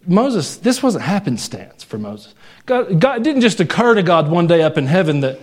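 A man's voice: very animated, normal speed. A young adult man preaching a sermon, joking with the congregation and raising his voice to stress points. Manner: conversational, jokes and laughs with the congregation; rises in pitch and volume when stressing a point. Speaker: pastor.

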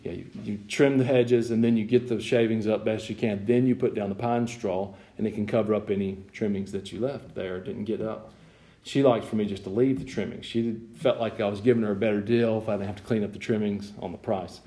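A man preaching a sermon. He has sinus trouble that makes his voice squeak and creak, and he moves from relaxed folksy storytelling into loud, high emphatic preaching. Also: fairly quick.

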